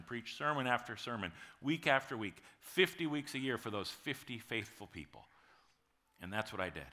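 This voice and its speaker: A man in his forties, a pastor preaching a sermon in a conversational storytelling way, with dramatic pauses. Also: medium pitch, sharp tone.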